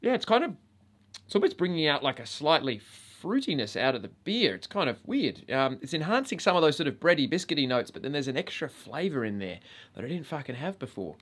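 A man's voice: fairly high pitch, big pitch swings, brisk, fairly bright tone. A man with an Australian accent hosting a casual review vlog, swearing constantly in a blokey, joking way. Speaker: vape reviewer and channel host.

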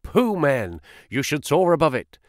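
Brisk, sharp-tongued, flattering money man with a lively, swooping delivery, as a male reader puts him on for an audiobook. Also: a little high, no echo, studio quality. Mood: persuasive. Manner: quick, sharp, flattering and excitable. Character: brisk, smooth-talking male financial agent. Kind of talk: audiobook character voice.

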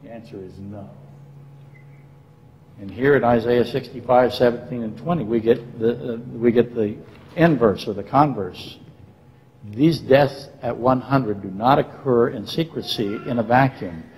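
A man's voice: medium pitch, normal speed, darkish tone, a little hiss or hum. Man teaching in a reverberant church. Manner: rhetorical questions to the congregation, dry facetious asides. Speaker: Bible teacher. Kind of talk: verse-by-verse Bible lecture. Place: church sanctuary. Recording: long reverb of a church hall.

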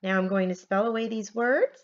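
A woman teacher giving a phonics lesson from home, spelling words out letter by letter in a slow, careful way. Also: mid-range voice, muffled recording.

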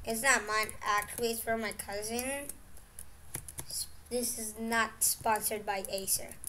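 Young woman from the Philippines, gaming vlogger, slow-talking but excitable, shrill and bright. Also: slight background noise. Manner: excitable, bursts into loud exclamations. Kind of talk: gaming commentary.

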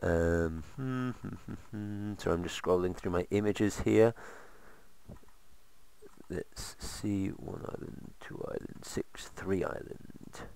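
A man's voice: deep voice, steady tone, slow, vocal fry, a little mellow. A man casually commentating while playing a game, rambling with sarcastic asides. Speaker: let's play host.

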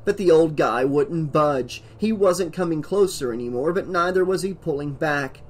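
A man narrates a horror novel in a scripted audiobook read. His voice sits on the high side, and he leans hard into the dramatic beats. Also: moderate pace.

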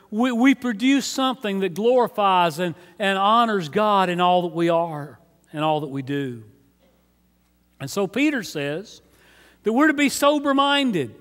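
A man preaching a sermon as pastor, earnest and conversational, often repeating words as he starts a phrase. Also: high-pitched. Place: church sanctuary. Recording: long hall reverb.

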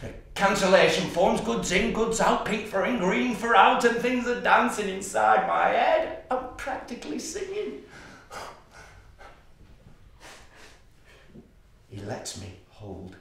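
An actor playing a menacing, order-obsessed psychopathic man in a stage monologue, slow and intense, dropping to whispers and bursting out loud. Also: sits high, sing-song, vocal fry, slight background noise, heavily acted. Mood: gloating. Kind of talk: theatrical monologue. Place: theatre stage. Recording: distant, echoey stage recording.

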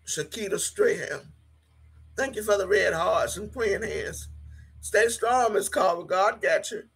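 A woman's voice: mid-range voice, a little slow, creaky, husky. A woman in her sixties hosting a casual livestream from her home, reading viewer comments aloud in a blunt, profane and emphatic way and repeating herself. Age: 60s.

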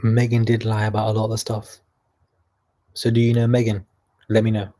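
A man's voice: fairly low pitch, monotone, a little fast, mellow. A young man from Canada hosting a casual livestream, reading chat messages aloud and mocking people in a chatty way.

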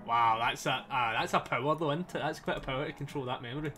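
Bright-voiced sweary streamer. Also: male voice, medium pitch, fast, few pauses. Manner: excitable, sweary, laughs often. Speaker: gaming streamer. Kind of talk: casual let's-play commentary. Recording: faint game music behind.

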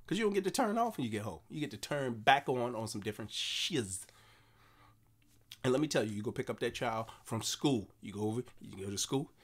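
A man in his forties, a comedian delivering an animated, repetitive monologue. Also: mid-range voice, fairly quick, breathy edge. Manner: animated storytelling with repeated phrases.

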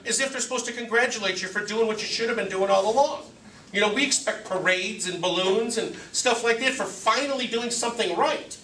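A man speaking at a recovery meeting tells stories with jokes, acting out quotes and his own inner voice in a direct, joking manner. His voice is high, pushed, and bright, recorded from a distance in an echoey room with slight background noise.

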